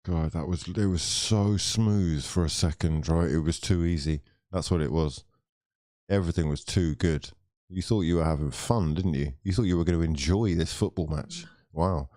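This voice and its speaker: A man's voice: sits low, moderate pace, warm tone, no room sound, studio quality. A young man streaming a live football watchalong, ranting, swearing and bantering with his viewers. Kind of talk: live watchalong commentary and chat.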